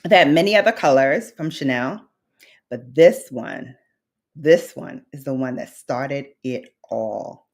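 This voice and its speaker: Rumbling low and slow, her voice still carries lively intonation. She's a Brooklyn, New York beauty vlogger holding a casual livestream chat, nostalgic and heartfelt, with babes and honey for her viewers.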